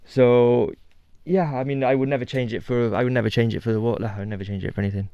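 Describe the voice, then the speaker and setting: A man's voice: medium pitch, fairly even intonation, fast, clean tone, dry recording, lo-fi sound. A man in his thirties from the UK, a TV host talking casually as a radio guest, chatty with lots of fillers and restarts. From United Kingdom.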